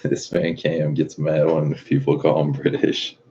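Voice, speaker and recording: A man in his thirties chats loosely with viewers, swearing freely and laughing a lot. His voice is extremely deep. The sound is muffled and lo-fi, with a faint hiss underneath. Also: level tone, unhurried, darkish tone. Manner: profane, laid-back, laughing. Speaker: streamer. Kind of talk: casual chat.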